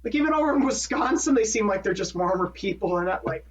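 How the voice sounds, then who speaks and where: A man's voice: sits high, lively intonation, quick pace, distant mic. Man from Minnesota, podcast co-host, rambling casual chat, self-correcting, set back from a dull-sounding mic. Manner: rambling, self-correcting, laughs at own jokes.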